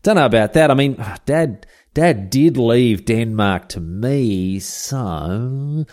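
A man's voice: medium pitch, lively intonation, slow, a little mellow. A man voicing a wary young Danish king, a younger brother who bargains sheepishly. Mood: matey.

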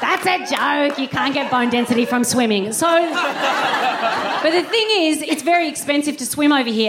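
A woman and podcast host performing live stand-up in a theatre, sardonic and punchy, swearing and chatting with the audience. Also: on the high side. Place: theatre stage before a laughing audience. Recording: roomy live venue, audience noise.

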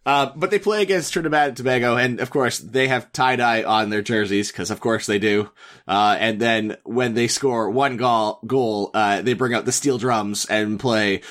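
A man's voice: mid-range voice, moderate pace, a bit bright. A man co-hosting a casual, joking movie discussion, rambling with lots of filler words. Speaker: podcast co-host. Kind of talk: casual comedic film discussion.

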